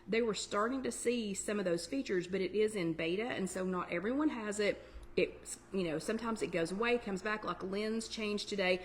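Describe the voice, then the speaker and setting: Chatty woman hosting. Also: medium pitch. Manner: chatty and digressive, answering viewers' comments. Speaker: host of a weight-loss support chat. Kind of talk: casual live-stream chat.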